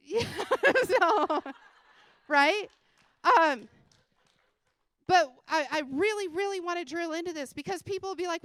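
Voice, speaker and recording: A woman giving an energetic motivational talk on a conference stage, speaking bluntly and casually, swearing freely and laughing often. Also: very high voice, moderate pace, no echo. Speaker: conference speaker and sales coach. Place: conference stage before a live audience.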